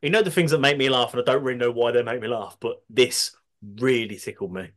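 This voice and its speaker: Speaking fast at medium pitch with a fairly bright tone, a Brummie-accented man from Birmingham, England, co-hosts a podcast. He reads listener submissions aloud, with plenty of laughter and casual swearing.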